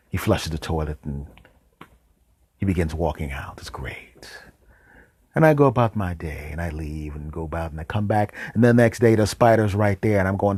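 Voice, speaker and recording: A man hosting a podcast, telling a comic story in a deadpan way with dramatic pauses and whispered asides. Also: low-pitched, husky, no echo. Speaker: podcast host.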